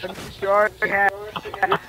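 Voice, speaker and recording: A man teasing his friends excitably while playing an online co-op game. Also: sits high, measured pace, heavy background noise. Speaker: co-op game player. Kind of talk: casual gaming chat.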